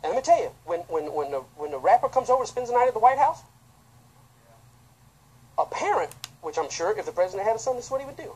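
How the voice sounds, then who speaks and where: A man, a pastor, preaching an impassioned sermon that swings between loud outbursts and quiet, low asides. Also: big pitch swings, fast talker, husky, low-quality recording. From United States.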